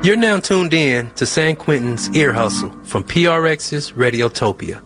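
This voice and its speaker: A man hosting a podcast, reading a scripted intro in a measured, even way. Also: on the high side. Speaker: podcast host. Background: music.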